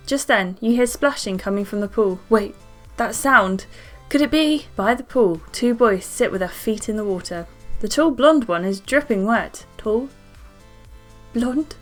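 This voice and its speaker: Young girl reading out a dating game, kinda high voice, gets excited, quiet music playing behind. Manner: reads game dialogue aloud in an animated way, with excited asides. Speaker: gaming YouTuber. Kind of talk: reading a story game aloud with commentary.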